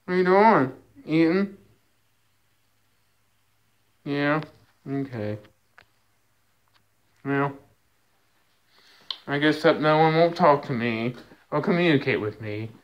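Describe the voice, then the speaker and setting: A man's voice: medium pitch, slow, pauses often. Man, casual pet talk, scolding, stammering restarts. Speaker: cat owner talking to his cats.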